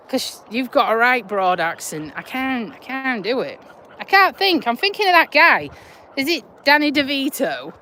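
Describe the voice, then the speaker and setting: Woman, Yorkshire-Lincolnshire accent, blunt and chatty, slightly high voice, outdoor phone live stream. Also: sharp tone, slight background noise. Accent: Yorkshire-Lincolnshire English. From Lincolnshire, England. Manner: chatty, laughing, broad and blunt. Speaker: vlogger, nurse. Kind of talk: casual live chat while walking a dog. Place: outdoors on a country walk.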